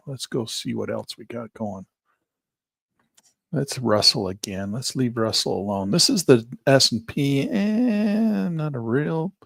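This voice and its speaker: A man with a gravelly voice teaches a live trading session over a headset mic. He chats casually and thinks aloud as he moves through charts. The sound is dry and close, with no room echo. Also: medium pitch. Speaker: trading instructor. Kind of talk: live screen-share trading lesson. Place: small office near a parking lot.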